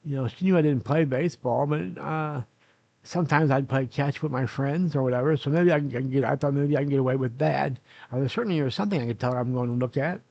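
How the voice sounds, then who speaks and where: A man's voice: mid-range voice, fast, creaky, darkish tone, dry recording, lo-fi sound. An older man vlogging from his nursing home room, telling a long personal story in a rambling way, correcting himself and filling gaps with "uh". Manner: rambling, self-correcting, many "uh"s. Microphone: camera recording himself.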